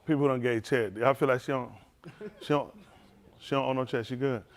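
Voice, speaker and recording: A man's voice: medium pitch, fairly even intonation, brisk. A man preaching, joking loosely and teasing his congregation, laughing often. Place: synagogue hall, livestream.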